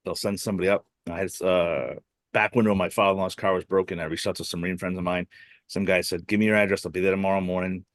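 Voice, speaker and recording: A man's voice: low voice, no echo, studio quality. A man from Boston hosting a podcast, telling stories in a rambling casual way with many fillers and restarts. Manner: rambling storyteller, heavy "you know" fillers and self-restarts. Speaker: podcast host. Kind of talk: casual interview chat.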